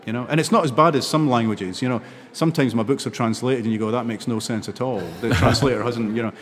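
An older man from Scotland with a Scottish accent, a novelist guest telling stories in an animated way, laughing often. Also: medium pitch, fast, in a large hall, a little hiss or hum. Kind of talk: interview conversation.

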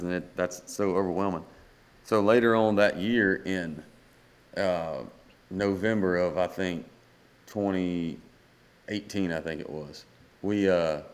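Deep-voiced man telling a long story. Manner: rambling anecdotes acting out quoted dialogue. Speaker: guest singer-songwriter. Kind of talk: casual storytelling in a podcast chat.

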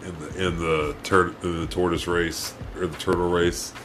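A man's voice: low-pitched, little pitch movement, moderate pace, background noise. A man co-hosting a podcast in casual chat, laid-back and easily amused, with some cursing. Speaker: podcast co-host.

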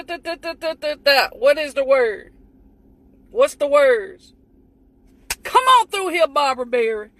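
A woman's voice: high voice, fairly bright tone, poor audio. A woman hosting a casual livestream for church viewers, playful and teasing, breaking into bits of hymns as she talks. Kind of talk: casual chat.

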